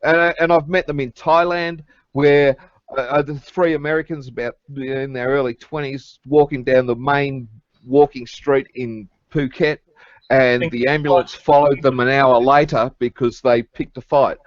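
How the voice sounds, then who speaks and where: An Australian man, a bit drunk and slurring, chatting casually in an online group call with a halting, rambling manner. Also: medium pitch, fairly even intonation, dry recording, muffled recording. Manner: rambling, halting, laughs at own jokes. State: tipsy, slightly slurring.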